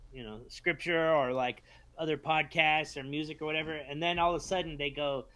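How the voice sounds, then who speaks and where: Relaxed pastor guy co-hosting a podcast, slightly high voice, low-key. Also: a little fast. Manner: laid-back, understated. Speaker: co-host, pastor. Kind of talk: casual podcast chat.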